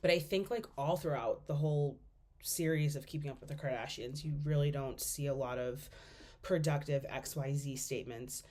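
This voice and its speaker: A woman's voice: sits low, moderate pace, warm tone. A young woman giving a class presentation as a student, speaking casually with lots of fillers as she thinks aloud.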